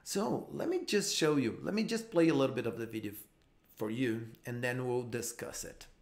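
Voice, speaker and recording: A man teaching English in a live online session, explaining patiently and going over each point more than once. He has a mid-pitched voice and restarts his sentences often. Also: animated. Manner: explains slowly with repeats and restarts.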